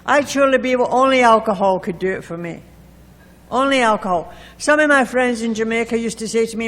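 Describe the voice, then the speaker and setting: A woman's voice: on the high side, fairly quick, a bit bright. A woman telling her recovery story to a group, candid and wry, with self-mocking humor. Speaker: recovering alcoholic sharing at a meeting. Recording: echoey meeting hall recording.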